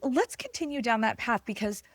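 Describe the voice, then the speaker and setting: A woman's voice: a little high, animated, normal speed, no echo. A woman hosting a podcast interview, chatting casually and affirming her guest before asking questions. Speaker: podcast host.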